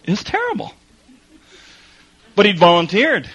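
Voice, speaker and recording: Preacher guy, kinda high voice, tells stories and reads scripture slow and soft. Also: rough recording. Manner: animated storytelling with laughter, then slow quiet scripture reading. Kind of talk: sermon with storytelling and scripture reading.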